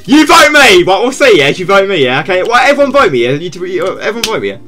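A man live-streaming a game, chatting to his viewers and ending nearly every phrase with "yeah?", and shouting when something surprises him. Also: high-pitched, sing-song, very fast, soft background music. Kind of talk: casual live gaming stream chat.

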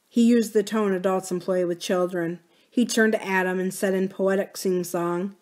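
A woman's voice: medium pitch, steady tone, normal speed, a little mellow. A woman reading a novel aloud for a library series, lifting her voice for the characters' lines. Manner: gives characters' lines a raised, livelier voice. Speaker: library reader.

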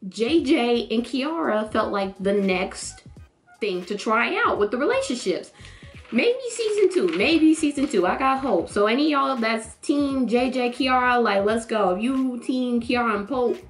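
A woman chatting casually in a vlog, reacting to a TV show with animated, slangy talk. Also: on the high side, unhurried, soft background music. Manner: animated, expressive, jumps into voices of characters.

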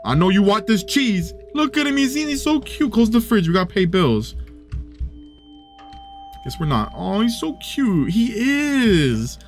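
Young male gaming host, high lively voice, excitable and chatty, home desk mic, soft game music underneath. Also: measured pace. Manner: excitable, coos and gasps, chatty asides. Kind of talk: let's play commentary.

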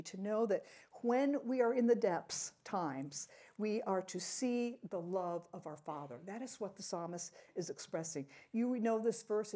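A woman teaching a Bible lesson to a class. She speaks deliberately, repeats key phrases for emphasis, and laughs at her own slips. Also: mid-range voice, dark tone.

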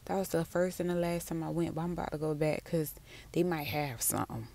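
Chatty young woman with smooth voice. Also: low voice, a little fast, dark tone. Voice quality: smooth, sleepy-sounding voice. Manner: chatty, addresses viewers as y'all and girl. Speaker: vlogger. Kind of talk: casual vlog chat while running errands. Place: in a car and stores.

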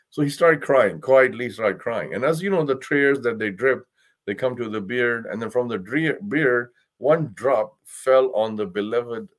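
A man, an imam, giving a Quran lesson, telling stories with swings from loud to hushed and reciting Arabic verses quickly. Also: on the low side.

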